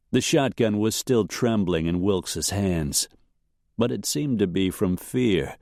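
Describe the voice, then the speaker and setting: Man, western audiobook narrator, very slow delivery, dry close sound. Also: on the low side, no echo. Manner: slow, steady dramatic reading. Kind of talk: scripted western novel narration.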